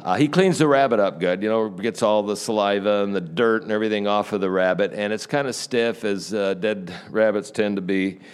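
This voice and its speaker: A male pastor giving a conversational sermon, telling a story with frequent filler pauses. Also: on the low side, smooth.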